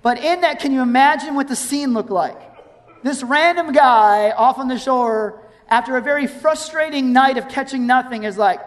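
A woman preaching a sermon in a conversational, animated way, reading verses and acting out scenes. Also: high voice, normal speed. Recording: long hall reverb.

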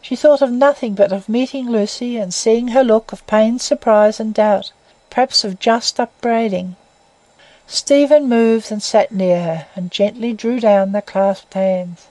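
A woman reading a classic novel aloud as narrator in a measured, even way. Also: on the high side, dry recording, low-quality recording.

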